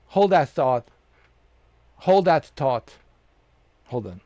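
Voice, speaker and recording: Male game streamer, casual live commentary, jokey, slow-paced, very expressive delivery. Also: medium pitch, dry recording. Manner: joking, chatty, laughs often, talks to viewers.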